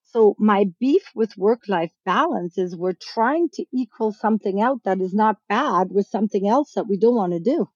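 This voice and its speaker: A woman's voice: medium pitch, animated, moderate pace, few pauses, darkish tone, husky, no echo. A woman business coach and author answering interview questions in a frank, emphatic, persuasive way. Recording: slightly dull lo-fi sound.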